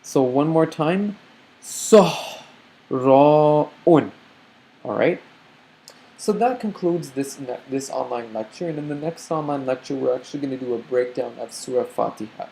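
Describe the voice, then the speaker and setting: A man teaching beginners to read over slides in a recorded online lecture, explaining step by step, sounding out letters slowly and often checking in with "okay?". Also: mid-range voice, creaky, dark tone. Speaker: Arabic reading teacher.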